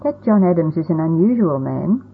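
A woman's voice: deep voice, sing-song, normal speed, vocal fry, slight background noise, full character voice. Commanding old grandfather, as a woman reads him. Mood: explaining. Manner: commanding, firm. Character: stern, proud old colonial grandfather. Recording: tinny phone-like audio.

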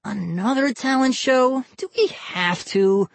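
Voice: medium pitch, huge pitch swings, slow, fairly bright tone, husky, dry recording, voice pushed up, full character voice. A reader doing a rude, grabby young boy. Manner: rude, complaining. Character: rough, grabby boy cousin. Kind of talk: audiobook character voice.

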